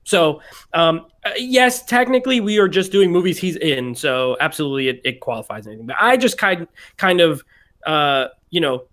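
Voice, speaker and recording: A man's voice: on the high side, fairly bright tone. A man co-hosting a casual movie podcast, thinking aloud and explaining his opinions at length. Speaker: podcast co-host. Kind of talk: casual chat.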